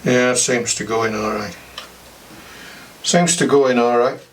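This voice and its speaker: This older man from the UK is a ham radio enthusiast walking through antenna construction and soldering, talking and musing as he goes. He speaks in a mid-range voice with fairly even intonation at a measured pace, recorded on a distant mic with noticeable background noise.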